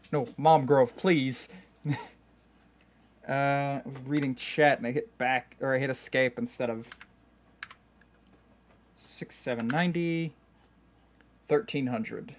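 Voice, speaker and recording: A man's voice: medium pitch, slow pace, long pauses. A man streaming a game live, talking casually and joking at himself with frequent laughs, keyboard typing behind him. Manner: chatty, self-mocking, laughs often.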